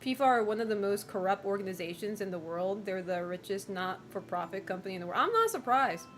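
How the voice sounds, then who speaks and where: A woman's voice: mid-range voice, lively intonation, brisk, fairly bright tone, faint music behind. A woman streamer chatting casually and rambling, swearing freely and greeting viewers. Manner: rambling, swearing, laughs often. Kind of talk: casual chat while streaming.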